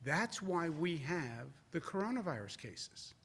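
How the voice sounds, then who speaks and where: A man's voice: on the high side, sing-song, measured pace, a bit bright, a little hiss or hum. A man giving a press conference, emphatic and repetitive, mocking others' words sarcastically. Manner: emphatic, repeats phrases, mocks quotes sarcastically. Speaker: politician at a press briefing.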